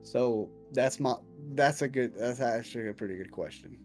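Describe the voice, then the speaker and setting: A man's voice: mid-range voice, normal speed, darkish tone, soft background music. A man acting as dungeon master, casually answering viewer questions with jokes and swearing. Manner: casual and profane, joking. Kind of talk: casual chat.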